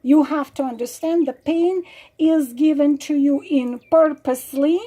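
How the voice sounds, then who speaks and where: A woman's voice: high voice, measured pace, warm tone. Earnest woman warning about manipulators. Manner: earnest, warning, many fillers and repeated examples. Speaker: relationship advice vlogger. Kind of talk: direct-to-camera advice talk.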